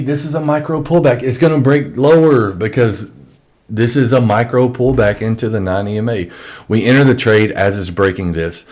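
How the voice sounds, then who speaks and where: A man with a fairly low, slightly mellow voice teaches trading on a microphone in an office. He gives a screen-share trading lesson, lecturing bluntly and with profanity.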